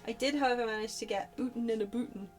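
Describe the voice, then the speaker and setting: A woman's voice: on the high side, steady tone, fast. A woman streamer chatting playfully and joking over a video game. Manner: playful, jokey, slips into silly voices. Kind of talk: casual let's-play chat. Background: faint game music.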